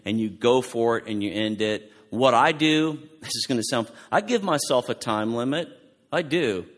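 A male pastor giving an animated, conversational sermon, with frequent restarts as he talks. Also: medium pitch, normal speed, in a large hall.

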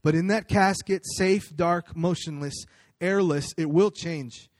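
Guy preaching, chatty story mode, kinda high voice, dry sound. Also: measured pace, no room sound. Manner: conversational storytelling, frequent fillers and restarts. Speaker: pastor. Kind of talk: sermon with personal story.

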